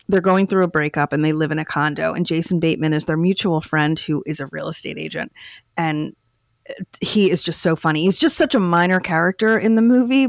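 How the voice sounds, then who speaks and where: Gravelly woman chatting casually. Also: lowish voice, dry recording. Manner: chatty, with frequent "like" fillers. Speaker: podcast co-host. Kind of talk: casual chat.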